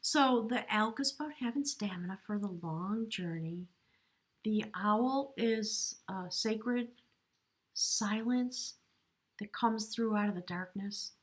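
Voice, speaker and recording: Emotional woman giving a tarot reading. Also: mid-range voice. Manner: earnest, emotional, slow and reflective with pauses. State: choked up with emotion. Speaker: tarot reader. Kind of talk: spiritual tarot reading to camera. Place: home, near a window.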